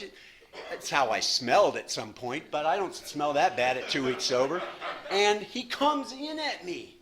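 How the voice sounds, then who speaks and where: Speaking at a fairly high pitch and measured pace, a sixty-something man gives a personal recovery story talk at a meeting podium. He's animated and self-deprecating, with plenty of repetition.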